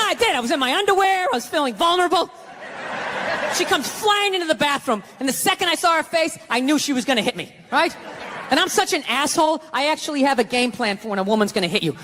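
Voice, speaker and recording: A man doing stand-up comedy, telling a story in a brash, blunt and profane way on a club stage. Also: very high voice. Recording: live club with noisy crowd.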